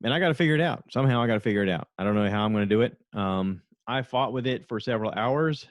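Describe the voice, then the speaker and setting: A man's voice: medium pitch, quick pace, no echo. A middle-aged man hosting a solo podcast, rambling chattily and laughing as he retells stories. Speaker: podcast host. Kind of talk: casual solo podcast recap.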